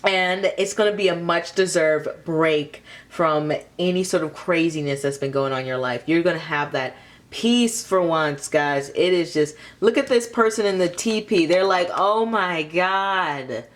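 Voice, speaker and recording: A young woman with a slightly low voice talks through a tarot reading in a loose, chatty way. She fills her sentences with "like" and breaks into laughter between cards. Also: normal speed. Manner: chatty, laughs often, filler-heavy with lots of "like". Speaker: tarot reader. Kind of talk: casual pick-a-card tarot reading.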